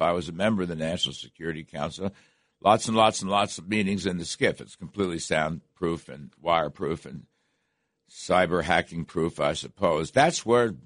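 A man's voice: on the low side, fairly bright tone, dry recording, studio quality. Older male radio host, emphatic monologue. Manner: emphatic, rising to indignant questions, frequent restarts. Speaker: radio talk show host. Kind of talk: opinion monologue. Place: radio studio.

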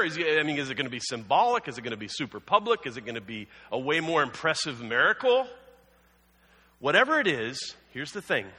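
A man's voice: fairly high pitch, sharp tone. A man preaching a sermon as a pastor, telling the story conversationally with humorous asides. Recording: long hall reverb.

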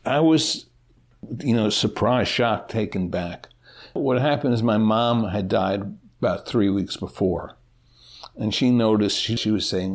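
A middle-aged man telling his own story candidly in an interview, pausing and restarting often. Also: on the low side. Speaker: interview guest.

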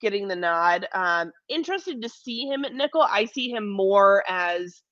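A woman's voice: mid-range voice, expressive, unhurried, a bit bright, no echo, highs cut off. A woman sports reporter, a guest on a casual podcast, chatting about football roster picks with self-deprecating humor and frequent ums.

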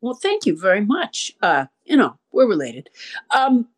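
A woman's voice: medium pitch, wildly swooping pitch, a little slow. An older woman hosting a podcast, chatting in a wry, rambling, self-deprecating way. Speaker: podcast host. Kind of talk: casual chat.

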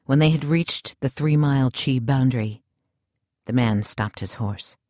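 A male narrator reads an audiobook with calm, unhurried steadiness. His voice sits in an average register, and the recording is dry and close with no room sound. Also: medium pitch, no room sound. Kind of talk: scripted narration.

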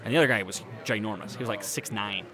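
A man's voice: lowish voice, quick pace, very noisy. Rambling, profane man telling a story. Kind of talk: casual storytelling chat.

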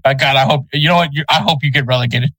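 A man co-hosting a casual soccer podcast, relaxed and easygoing, chuckling over tricky team names. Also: medium pitch, rapid-fire, husky, no room sound, rough recording. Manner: laid-back, chuckles over name pronunciations. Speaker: podcast co-host.

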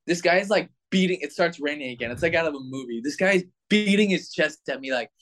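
A young man in his twenties, a baseball player, telling a story in a casual, animated way with lots of filler words. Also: on the high side, fast talker, a little hiss or hum.

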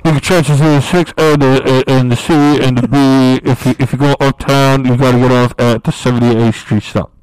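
A man doing a loud muffled subway conductor. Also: mid-range voice, fairly even intonation, normal speed, hardly any pauses, clean tone, no room sound, pitched below the performer's own voice, natural voice. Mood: announcing. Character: mumbling male subway conductor making announcements.

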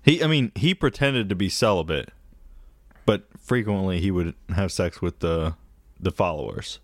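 Male podcast co-host, lower voice, relaxed crude storyteller, dry close mic. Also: moderate pace, no room sound. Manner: laid-back, crude, recounting a story. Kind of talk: casual storytelling chat.

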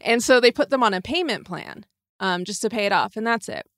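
A woman's voice: a little high, lively intonation, fairly quick, a bit bright, no echo, clean studio sound. A woman, a guest on a podcast, talking chattily with lots of filler words. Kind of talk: casual chat.

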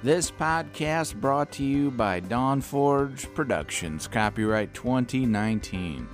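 A man reading a podcast's closing credit in a slow, deliberate announcer manner. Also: medium pitch, animated, soft background music.

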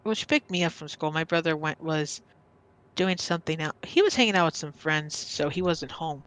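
A woman's voice: low voice, moderate pace, fairly bright tone. A woman guest on a podcast, casually telling a personal story and often stopping to restart or repeat her words.

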